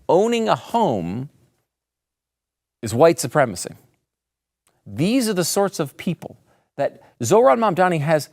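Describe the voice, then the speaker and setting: A male commentary host delivers a monologue with a sarcastic, mocking edge. His pitch swings up and down in a lively, emphatic way, with a gravelly texture at the ends of phrases. The recording is dry and close. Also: dry recording.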